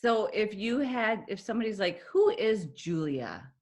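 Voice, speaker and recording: A woman's voice: mid-range voice, sing-song, normal speed, a little mellow. A woman co-hosting a casual chat, talking in a blunt, matter-of-fact way. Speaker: podcast co-host.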